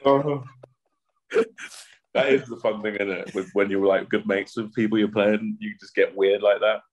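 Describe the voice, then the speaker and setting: Very deep-voiced man chatting hesitantly. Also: moderate pace, muffled recording. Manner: relaxed, hesitant, many fillers. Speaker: rugby prop, podcast guest. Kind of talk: casual podcast chat.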